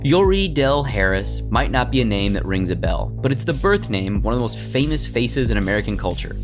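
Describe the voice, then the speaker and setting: A man hosting a podcast, reading a scripted story in a lively storytelling way. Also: mid-range voice, brisk, over music. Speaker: podcast host. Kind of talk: scripted narration.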